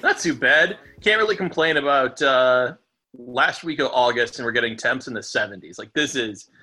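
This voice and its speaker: A man's voice: mid-range voice, normal speed, pushed and bright, soft background music. A man co-hosting a sports podcast, laid-back and joking in casual chat. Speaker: podcast co-host.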